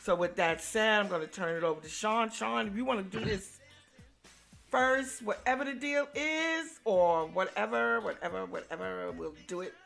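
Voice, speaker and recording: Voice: mid-range voice, normal speed, gravelly, fairly bright tone, faint music behind. A talk show host opening the show in laid-back, rambling chat.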